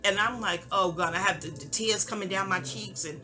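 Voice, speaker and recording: A woman's voice: mid-range voice, brisk, over music. A young woman casually telling a personal story, chatty and digressive, often trailing off into asides. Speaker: audio diarist.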